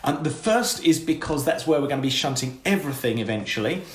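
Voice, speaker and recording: A man's voice: medium pitch, expressive, fast. A man co-hosting a live-streamed coffee morning from home, chatting in a jokey, rambling way. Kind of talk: casual chat. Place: home room. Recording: echoey room, faint background noise.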